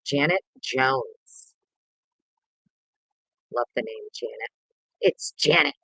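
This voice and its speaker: A woman's voice: slow pace, vocal fry, pauses often, sharp tone, no room sound, poor audio. A woman hosting a casual livestream, greeting viewers by name in a playful, sing-song way. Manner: bursts of sing-song and squeaky voices. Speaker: livestream host.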